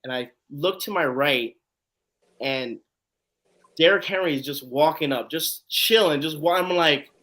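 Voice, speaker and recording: A man with a bright, fairly high voice hosts a live online chat. He tells a long story casually and acts out the lines of the people in it. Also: measured pace. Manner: animated storyteller acting out quotes. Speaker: host.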